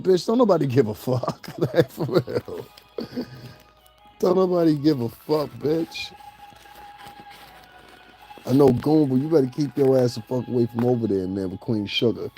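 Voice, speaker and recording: Mellow-voiced man ranting in mocking commentary. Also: medium pitch, vocal fry, husky. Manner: mocking, laughs at his own jokes. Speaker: celebrity gossip commentator.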